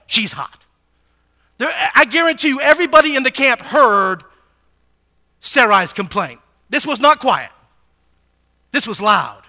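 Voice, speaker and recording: Man, Bible teacher, sermon, high pitch, bright tone, animated, rhetorical questions.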